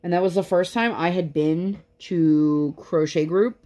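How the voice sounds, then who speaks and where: A woman's voice: fairly low pitch, unhurried, hardly any pauses, dark tone. A young woman chatting casually while she works on a craft project, telling stories with many fillers. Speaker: crafting vlogger.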